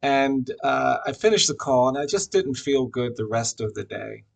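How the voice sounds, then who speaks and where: A man giving a reflective personal tribute at a memorial, telling a story with frequent pauses and fillers. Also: medium pitch, lively intonation, creaky. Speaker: memorial speaker.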